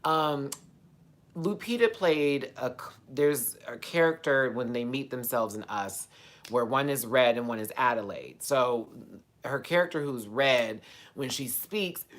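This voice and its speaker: Chatting casually on her live stream, a woman answers viewers and flips from excited bursts to quiet muttering.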